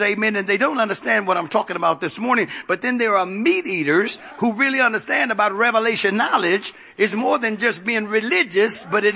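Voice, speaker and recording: A man's voice: sits high, gravelly, sharp tone. A man preaching a sermon as pastor, repeating phrases and calling out to the congregation for response.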